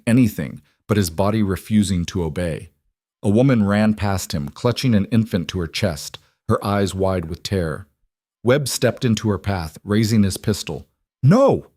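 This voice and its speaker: Low-voiced male story narrator. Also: no echo, clean studio sound.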